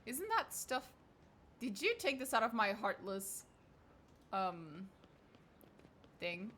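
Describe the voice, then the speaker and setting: Bright-voiced sarcastic woman streamer. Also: medium pitch, lively intonation, slow pace, slight background noise. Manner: sarcastic, swears freely, reads game text aloud. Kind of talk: casual game commentary.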